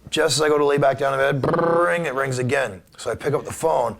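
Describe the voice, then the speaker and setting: Gravelly, husky middle-aged man. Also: mid-range voice. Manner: animated storyteller, acts out dialogue; subdued and halting on somber memories. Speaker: interview guest, former wrestler. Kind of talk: conversational storytelling.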